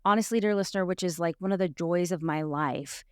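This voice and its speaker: A woman's voice: fairly low pitch, brisk, a little mellow, clear, resonant tone, dry recording, studio quality. A woman podcast host and life coach in a casual chat, telling personal stories in a candid, reflective way with frequent restarts.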